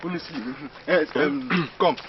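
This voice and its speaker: A man's voice: on the high side, measured pace, highs cut off, close to an everyday voice. A man playing an indignant, stammering villager. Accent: Nigerian. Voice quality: hesitant, stammering, then threatening. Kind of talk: Nollywood comedy film acting. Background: faint background music.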